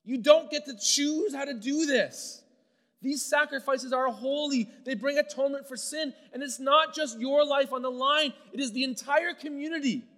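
A man voicing a furious older male prophet who scolds his brother in a raised, shouting voice. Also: very high voice, normal speed, big-room sound, pitched above the performer's own voice.

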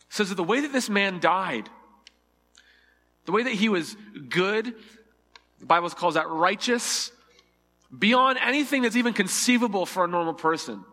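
In a large hall, a pastor preaches with a high, bright, pushed voice. He is earnest and vivid, acting out the dialogue from scripture and shifting his emphasis as he goes.

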